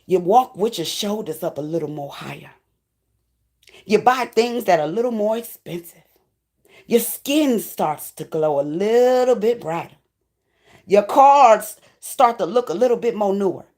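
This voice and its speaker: A woman's voice: medium pitch, darkish tone. A woman giving an emotional, preachy spiritual tarot reading, close to tears. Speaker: tarot reader.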